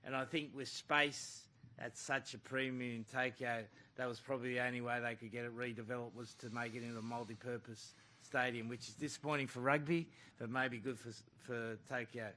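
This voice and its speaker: A man's voice: medium pitch, fairly even intonation, moderate pace, bright, forceful tone. A man, a rugby coach, answering questions bluntly at a press conference and calling the questioner mate.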